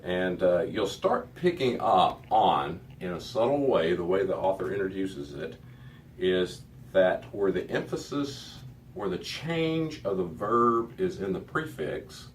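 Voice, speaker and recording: A man's voice: deep voice, very animated, unhurried, far from the mic, a little hiss or hum. A man teaching a Hebrew reading lesson to a class, explaining patiently with many fillers.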